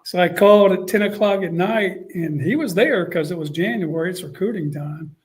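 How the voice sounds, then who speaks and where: A middle-aged college football coach with a high-pitched voice tells a story at a moderate pace during a casual interview. He's an animated storyteller who acts out what other people said.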